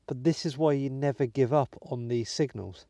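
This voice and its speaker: A British man from the United Kingdom hosts a metal detecting vlog, chatting casually to viewers as he digs in a wet field outdoors, with muttered asides. His voice is medium-pitched, creaky and warm, at a moderate pace. There is no room sound.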